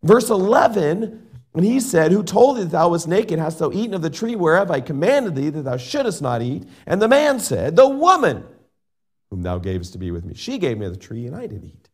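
A middle-aged man preaching a sermon and reading scripture in an earnest way. He shifts between loud emphasis and soft asides. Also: a little high, big pitch swings, brisk, breathy edge. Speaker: pastor.

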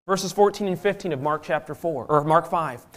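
Male preacher, fairly high voice, sermon with scripture reading, dynamic delivery from loud to hushed. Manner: swings between loud emphasis and hushed, drawn-out phrases; reads scripture in old-fashioned biblical wording.

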